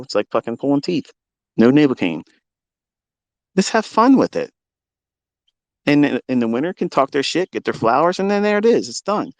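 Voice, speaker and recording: A man's voice: mid-range voice, no echo. Combative swearing man in a dry room. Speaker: trading educator. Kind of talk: profane monologue rant.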